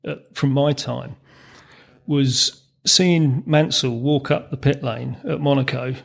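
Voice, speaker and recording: Man, fifties, gravelly voice, rambling anecdotes, chuckling, podcast guest. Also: medium pitch, steady tone, slow pace. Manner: anecdotal, chuckles through his stories, many ums and restarts. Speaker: guest, former racing mechanic. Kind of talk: storytelling in a podcast interview.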